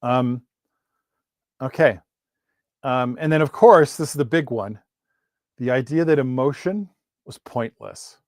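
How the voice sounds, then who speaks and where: A man teaching a live online literature class in a casual, chatty way, often correcting himself and reading verse slowly to stress its rhythm. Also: medium pitch, darkish tone, dry recording, clean studio sound.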